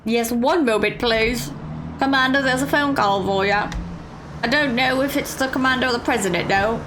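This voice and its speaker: A woman's voice: fairly high pitch, normal speed, background noise, close to an everyday voice. A woman voicing a polite, dutiful male soldier reporting a phone call to his commander.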